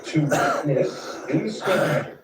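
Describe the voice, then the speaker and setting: A man hosting a casual chat, explaining things with emphatic, drawn-out stresses. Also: fairly high pitch, animated. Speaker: host. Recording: echoey room, far from mic, noisy, dull.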